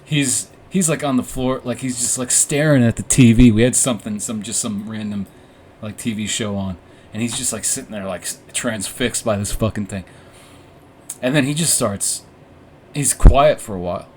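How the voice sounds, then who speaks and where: A man's voice: mid-range voice, moderate pace, darkish tone, slight background noise. A young man hosting a podcast, telling a story casually, rambling and swearing, with frequent laughs. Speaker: podcast host.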